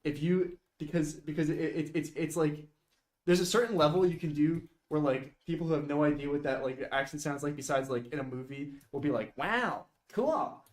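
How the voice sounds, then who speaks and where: A man with a somewhat high voice chats on a livestream. He hesitates and stammers a lot, and he sounds shy and a little embarrassed. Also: level tone, fairly quick, darkish tone. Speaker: guest on an art livestream. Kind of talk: casual chat.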